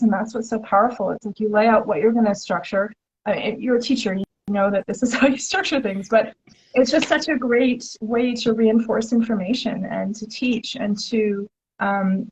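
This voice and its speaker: A woman's voice: on the high side, darkish tone, husky, highs cut off. A woman hosting a casual interview chat, talking with eager enthusiasm and lots of filler words. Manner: enthusiastic, chatty, many "like" fillers. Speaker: host.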